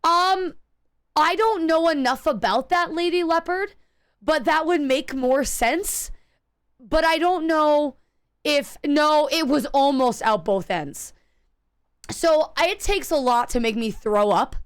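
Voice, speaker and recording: A woman streamer chatting casually while gaming, telling stories in a profane, animated way and acting out the people in them. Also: sits high, slow pace. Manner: acts out quoted people in her stories.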